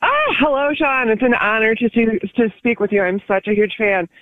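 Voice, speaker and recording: A woman's voice: on the high side, expressive, normal speed, no echo. A woman calling in to a radio show, gushing to the host and exasperated. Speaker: caller. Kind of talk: phone call to a radio show. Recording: tinny phone line.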